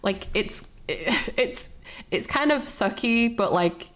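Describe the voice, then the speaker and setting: A woman's voice: mid-range voice, lively intonation, slow pace, fairly bright tone. A woman streamer casually talking over a film, rambling, swearing and laughing as she goes. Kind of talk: casual reaction commentary.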